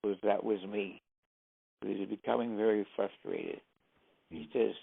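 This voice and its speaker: An older man with a deep, very gravelly voice tells lively stories as an interview guest and acts out each exchange. The sound is thin and phone-like, and it is dry, with no room echo. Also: normal speed, pauses often. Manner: lively storyteller who acts out the dialogue. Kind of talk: anecdotal storytelling.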